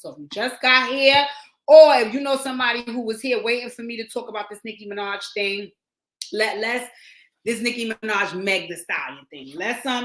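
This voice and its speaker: A woman's voice: on the high side, normal speed, a bit bright. A woman in her forties giving casual, rambling commentary on a livestream from her phone, full of slang and repeated phrases. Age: 40s. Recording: roomy echo.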